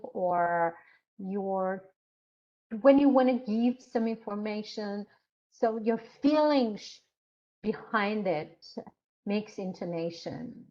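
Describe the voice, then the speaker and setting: A woman instructor giving an online lecture, explaining slowly with frequent hesitations and fillers. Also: medium pitch, expressive, darkish tone, dull audio.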